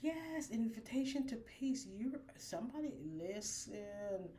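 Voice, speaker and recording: A woman giving a spiritual oracle card reading, drawn-out and preachy, full of affirmations. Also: a little high, lively intonation, mellow, a little hiss or hum.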